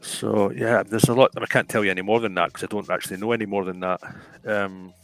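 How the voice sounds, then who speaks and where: A low-pitched man with a gravelly, creaky voice chats loosely as a show host. He rambles, repeats himself, and keeps turning to his listeners. Faint music sits under his voice. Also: steady tone, quick pace, fairly bright tone, poor audio. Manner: rambling, repeats and restarts phrases, addresses listeners as folks. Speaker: podcast host. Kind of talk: casual chat.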